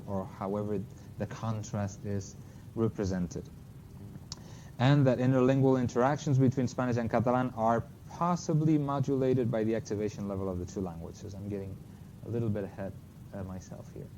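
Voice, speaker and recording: In an academic talk with slides on linguistics, a man with a fairly low, dark-toned voice explains things carefully, correcting himself with short apologetic asides. The recording sounds slightly dull and lo-fi, with faint noise.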